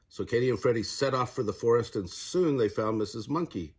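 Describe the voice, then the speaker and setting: An older man, a grandfather, narrating a children's picture book aloud in a gentle storyteller manner. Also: mid-range voice, moderate pace, hardly any pauses.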